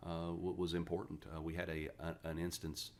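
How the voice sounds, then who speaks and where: Low-voiced West Virginia man, 40s, gruff profane raconteur, podcast guest. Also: normal speed, slight background noise. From West Virginia, USA. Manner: blunt, profane, animated storyteller. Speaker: podcast guest, retired Marine. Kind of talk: casual interview storytelling.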